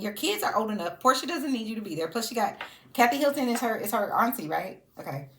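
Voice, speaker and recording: A woman's voice: medium pitch, big pitch swings, a little fast. A woman giving casual, sassy reality TV commentary. She laughs often and talks to her subjects directly.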